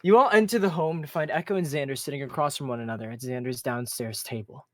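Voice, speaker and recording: A man's voice: medium pitch, fast talker, no echo, clean studio sound. Man narrating as game master. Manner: plain, steady narration in the third person. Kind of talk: narrating a tabletop-style role-play.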